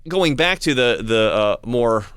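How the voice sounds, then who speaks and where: A man talking in a casual monologue to his channel's viewers, halting with frequent restarts and repeated words. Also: medium pitch, animated, fairly bright tone, smooth, no room sound, studio quality. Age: adult with young child. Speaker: channel host.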